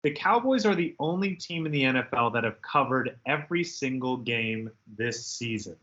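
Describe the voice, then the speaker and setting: A man's voice: mid-range voice, highs cut off. A man co-hosting a podcast, chatting casually and animatedly about betting picks. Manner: animated, mimics people in loud outbursts. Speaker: podcast co-host. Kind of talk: casual sports betting chat.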